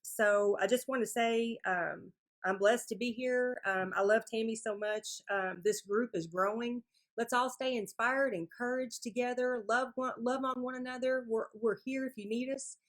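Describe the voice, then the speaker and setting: A woman guest speaker giving an energetic, faith-filled pep talk to a support group over a video call. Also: fairly high pitch, moderate pace.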